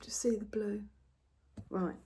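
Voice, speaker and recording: Chatty, mellow woman. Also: mid-range voice, steady tone, takes it slowly. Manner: chatty, talks to her pets. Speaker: embroidery vlogger. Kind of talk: casual chat while stitching. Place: home.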